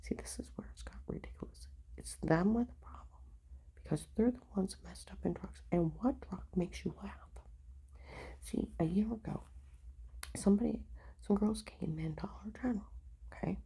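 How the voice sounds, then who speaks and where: A woman talking in a rambling monologue, mostly in a whisper, with a husky voice. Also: mid-range voice, normal speed, warm tone, poor audio. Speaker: vlogger.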